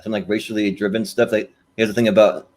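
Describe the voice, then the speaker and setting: Rambling low-voiced man. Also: level tone, fast talker, a little mellow. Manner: rambling, many fillers and restarts, laughs often. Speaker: podcast co-host. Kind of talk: casual chat.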